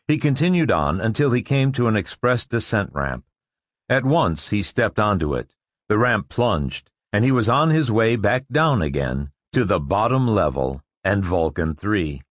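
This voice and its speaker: A man narrating a science-fiction story with expressive storytelling delivery. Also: deep voice, a little slow, no room sound, studio quality. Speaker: audiobook narrator. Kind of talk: scripted narration.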